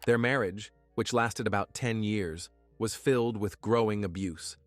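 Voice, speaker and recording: A man giving scripted true-crime narration in a measured, even way. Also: on the low side, dry recording, faint music behind.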